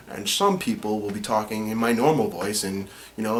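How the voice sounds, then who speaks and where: A man's voice: lowish voice, moderate pace, few pauses, a little hiss or hum. Man explaining his cartoon voices. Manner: relaxed, plain explaining with fillers. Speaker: voice actor and co-creator. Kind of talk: behind-the-scenes narration.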